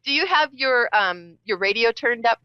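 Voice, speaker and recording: A woman hosting a live psychic call-in show, chatty and teasing, her pitch swinging up and down. The sound is dry and a bit dull and lo-fi. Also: moderate pace, clean tone, no room sound. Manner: chatty, animated, teasing, emphatic repetitions.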